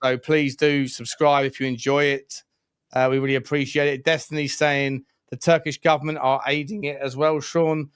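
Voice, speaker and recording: Smooth-voiced chatty man. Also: medium pitch, little pitch movement, moderate pace, no room sound, clean studio sound. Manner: chatty, matey, stumbles over words. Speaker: co-host. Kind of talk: casual live-stream chat.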